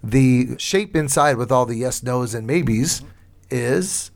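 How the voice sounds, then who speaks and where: A man's voice: mid-range voice, slow pace. A middle-aged man hosting a podcast in casual chat, chatty and teasing, laughing often. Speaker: podcast host.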